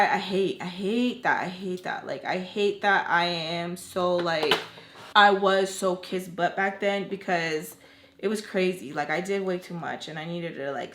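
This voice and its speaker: A woman's voice: medium pitch, sharp tone. A young woman telling a long personal story in casual chat, emotional and full of "like" fillers. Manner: chatty, emotional, many "like" fillers. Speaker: storytime vlogger. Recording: roomy echo.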